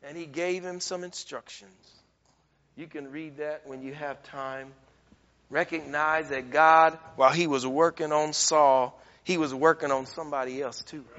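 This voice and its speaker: A high, bright-voiced man delivers a sermon at an unhurried pace. He presses hard on his points, climbing to near-shouts before falling quiet. The recording is dull and muffled, with a long reverb trailing each phrase. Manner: emphatic, rising to near-shouts then dropping low. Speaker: preacher.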